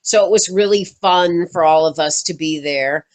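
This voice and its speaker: An actress being interviewed, telling stories in a lively, casual way, laughing often and acting out what people said. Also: female voice, fairly low pitch, normal speed, rough recording. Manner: animated, laughs often, acts out quoted voices.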